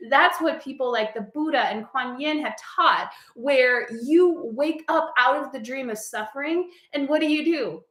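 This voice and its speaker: A woman's voice: high voice, a bit bright. A woman giving a heartfelt spiritual message in a casual, earnest way, peppered with "like". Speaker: spiritual coach. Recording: echoey room.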